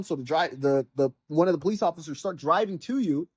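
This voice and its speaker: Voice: mid-range voice, fast, slightly rough, no echo, dull audio. A podcast host rambling through an exasperated casual rant, reviewing a video game and packed with filler words. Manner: sarcastic mock voices when quoting characters.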